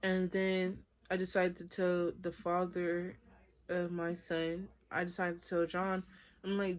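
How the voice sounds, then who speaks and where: A woman's voice: fairly low pitch, little pitch movement, measured pace. A young woman telling her own story to her viewers in a casual, chatty storytime vlog, often talking to them directly. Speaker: vlogger.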